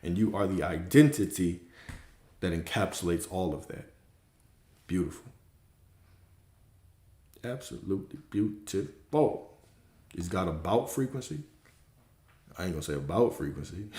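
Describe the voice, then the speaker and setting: A spiritual coach with a low-sitting, darkish voice gives a casual but emphatic livestream talk in a room with a noticeable echo. He repeats his points and swears freely.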